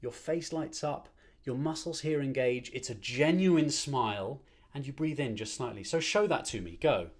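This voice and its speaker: A male choir conductor leads an online rehearsal and warm-up streamed to a screen, coaching in an encouraging, upbeat way and counting out the breathing. He speaks at a medium pitch and moderate pace.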